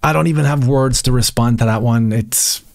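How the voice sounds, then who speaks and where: A man's voice: mid-range voice, moderate pace, a little mellow, no echo, studio quality. A man hosting a commentary channel, talking in a combative, sarcastic way with mocking rhetorical questions. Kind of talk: opinionated commentary over screen reading.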